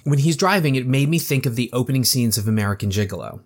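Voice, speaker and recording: A man casually discussing a horror movie with a co-host, animated and acting out lines as he talks. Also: mid-range voice, fast. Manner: animated, acts out quotes, conversational asides.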